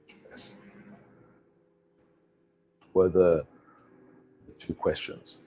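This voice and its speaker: A man teaching English alone in a live online lesson, repeating phrases slowly for pronunciation practice. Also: on the low side, animated, mellow, a little hiss or hum.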